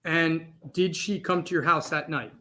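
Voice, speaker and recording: A man's voice: fairly high pitch, steady tone, a little slow, pushed and bright, a little hiss or hum. A man examining a witness in court, asking short, direct questions. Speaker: trial attorney questioning a witness.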